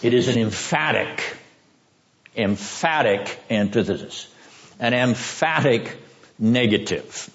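Throat-clearing male lecturer questioning a class. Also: medium pitch, lively intonation, slow pace, fairly bright tone. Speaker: seminary lecturer. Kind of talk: classroom lecture on Greek scripture. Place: classroom with students. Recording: dull lo-fi classroom recording.

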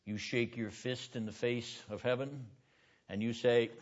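A man lecturing to a seminary class, pressing his points home with rhetorical questions and quizzing students by name. His voice sits at an ordinary middle pitch. The classroom recording is dull and lo-fi. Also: steady tone, a little slow.

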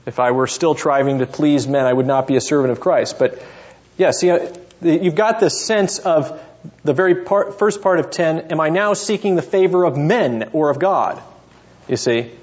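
A man's voice: on the high side, normal speed, darkish tone. Man teaching a Bible class, lo-fi sound. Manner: quizzes students by name, thinks aloud. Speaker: seminary professor. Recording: dull lo-fi classroom recording.

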